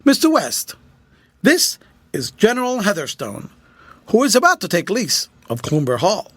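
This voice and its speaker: A man voicing a short, stout estate factor who speaks in a gentle, soothing way. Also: high voice, huge pitch swings, a little slow, husky, dry recording, voice pushed up, exaggerated voice. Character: little fat male estate factor, soothing.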